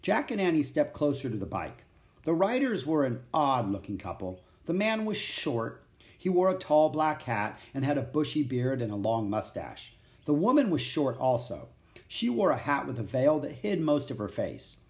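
A man reads a children's chapter book aloud in a clear, steady storytelling voice. His pitch moves lively through the narration, at a middling register. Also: moderate pace.

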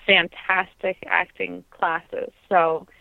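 A woman's voice: fairly low pitch, little pitch movement, takes it slowly, vocal fry, dry recording. Earnest woman on a tinny line. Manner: earnest, reflective, frequent ums. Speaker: podcast guest, opera singer. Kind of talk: conversational interview.

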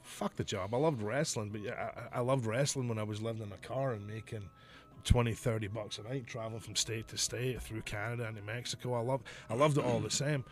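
A man's voice: on the low side, a little fast, faint music behind. A middle-aged man, a podcast host and former wrestler, telling stories in casual chat, swearing freely and laughing often. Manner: profane, laughs often, storytelling.

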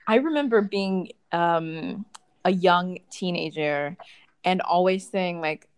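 A woman's voice: on the low side, takes it slowly, clean tone. A woman in casual conversation, telling personal stories expressively with laughing asides.

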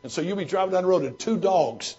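A man's voice: high-pitched, lively intonation, fast, darkish tone, slightly rough. A man, a pastor and former missionary, answering questions in folksy storytelling with many restarts. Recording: dull lo-fi recording.

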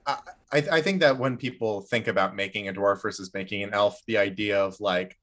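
Guy with a lowish voice chatting on a podcast about running games, lots of "like" and restarts. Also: a bit bright. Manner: halting, many restarts and filler words. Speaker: podcast co-host and game master. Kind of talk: casual chat.

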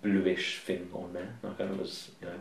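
Tabletop player, man, lowish voice, halting delivery, echoey distant mic. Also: monotone, vocal fry, a little hiss or hum. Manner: hesitant, stumbling, repeats words. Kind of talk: in-character chat in a tabletop game.

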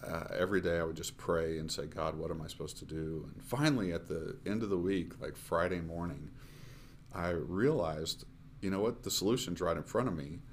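A man in his fifties, a missionary guest telling his story in a conversational interview, earnest and halting, with frequent fillers and restarts. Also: low-pitched, slight background noise.

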